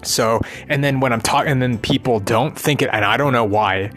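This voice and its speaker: A man's voice: medium pitch, moderate pace, fairly bright tone, soft background music. A man venting in a rambling monologue, swearing often and tagging his thoughts with questions to the listener. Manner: profane, ranting, keeps asking "right?".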